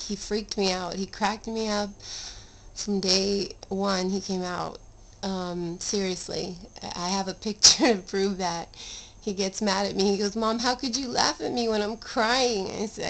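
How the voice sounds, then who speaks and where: A woman's voice: mid-range voice, slight background noise, low-quality recording. Earnest middle-aged woman talking to camera. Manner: earnest, rambling, with restarts and sudden emphatic rises. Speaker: vlogger sharing her illness story. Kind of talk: casual heartfelt talk to camera.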